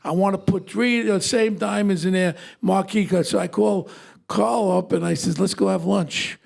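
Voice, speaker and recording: Older New man, podcast co-host. Lively yarn-spinner, high and gravelly. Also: normal speed. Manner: animated storyteller, acts out quoted voices. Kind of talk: casual storytelling chat.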